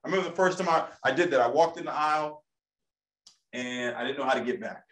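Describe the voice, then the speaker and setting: In an echoey room, a male sales trainer with a mid-range, slightly bright voice talks fast. His motivational training talk to a live audience is emphatic, full of repeated key phrases and frequent "okay?" check-ins.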